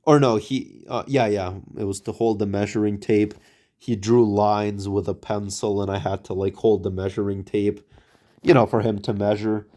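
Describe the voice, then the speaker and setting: A man's voice: lowish voice, level tone, normal speed, mellow. A man casually telling a story to his camera, rambling and hesitant with many fillers and restarts.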